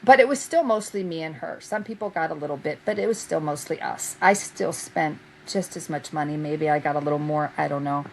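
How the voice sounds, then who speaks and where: A woman with a somewhat low voice tells stories in a relaxed interview. She is animated, laughs often and acts out other people's lines. A faint hiss sits behind her. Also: a little fast, hardly any pauses, rough recording. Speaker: guest, vintage fabric reseller. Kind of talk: casual storytelling chat.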